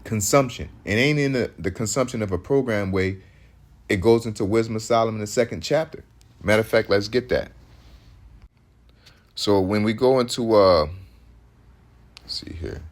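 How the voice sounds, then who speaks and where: A man's voice: lowish voice, moderate pace, pauses often. A man, preaching in loose street talk that rambles, restarts often and hits points with emphasis.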